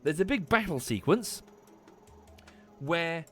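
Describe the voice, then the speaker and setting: A man in his thirties rambles through a casual stream chat with a lively, swooping pitch. He swears freely and restarts his sentences often. Faint music plays behind him. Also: takes it slowly. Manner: animated, swearing, frequent restarts.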